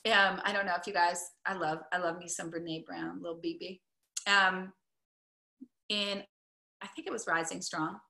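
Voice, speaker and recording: A woman's voice: on the low side, fairly even intonation, normal speed, creaky, pushed and bright. A woman coaching in a casual, upbeat talk, full of "like" and "right?". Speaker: wellness coach. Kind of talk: casual teaching talk to camera. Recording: echoey room.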